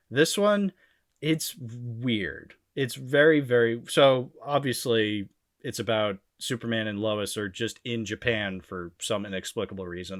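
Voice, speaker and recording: A man's voice: lowish voice, no room sound. Chatty man on a dry-sounding mic. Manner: chatty, laughs often, many restarts. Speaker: podcast panelist. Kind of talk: casual podcast chat.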